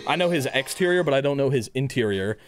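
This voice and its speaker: A young man streaming a video game live, chattering crudely, reading chat aloud and bursting into loud shouts. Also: medium pitch, lively intonation, fast talker, faint music behind. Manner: reads chat aloud and jokes with viewers.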